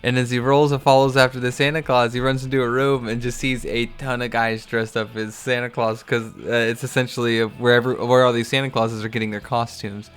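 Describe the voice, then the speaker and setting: A man's voice: medium pitch, little pitch movement, a little fast, few pauses, a bit bright, smooth. A man hosting a casual, amused comic book recap with loose fillers.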